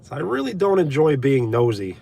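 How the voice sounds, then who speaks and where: A young man from Brooklyn chats easily on a live stream from inside his car. His pitch rises and falls a lot as he thanks viewers by name and drifts between topics. He fills gaps with "uh" and "like". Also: very animated, brisk, gravelly, darkish tone. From Brooklyn, USA. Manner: chatty, thanks viewers by name, frequent uh and like fillers. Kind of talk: casual live stream chat reading comments.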